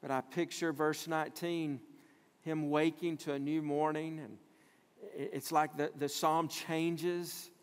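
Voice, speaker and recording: A man's voice: fairly high pitch, little pitch movement, measured pace, clean tone, long reverb tail. A man preaching a sermon in a conversational way, reading scripture aloud and acting out small everyday scenes. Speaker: pastor.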